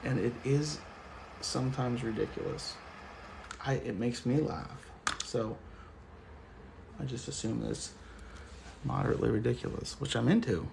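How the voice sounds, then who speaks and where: A man's voice: mid-range voice, measured pace, creaky, long pauses, noisy background. A man hosting a casual livestream, chatting loosely and joking while reading comments. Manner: laid-back, joking, chatty. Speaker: livestream host.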